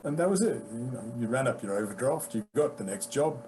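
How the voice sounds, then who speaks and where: A British man, an actor, telling casual anecdotes about his career with animated delivery, acting out the lines of people he quotes. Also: medium pitch, brisk, a little hiss or hum, rough recording. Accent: British English. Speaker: guest actor. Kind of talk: casual storytelling.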